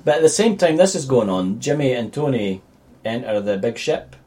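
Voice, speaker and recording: A man riffing on a bad film with friends, swearing freely and full of exasperated outbursts. His voice jumps around constantly in pitch, and a faint hiss sits behind him. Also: animated, normal speed, mellow. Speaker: film podcast co-host. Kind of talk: casual comedic film review chat.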